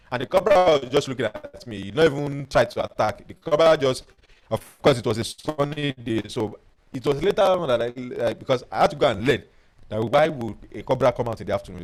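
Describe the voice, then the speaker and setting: Animated man coaching a webinar. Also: medium pitch, poor audio. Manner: animated storyteller who reads out viewer comments. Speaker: life coach hosting a webinar. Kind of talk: webinar teaching with personal stories.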